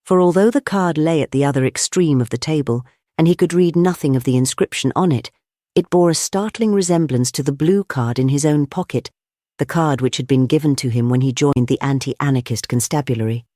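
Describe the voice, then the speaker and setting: A man narrating an audiobook of a classic novel in a measured, expressive reading. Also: a little high, dry recording, studio quality. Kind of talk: scripted narration.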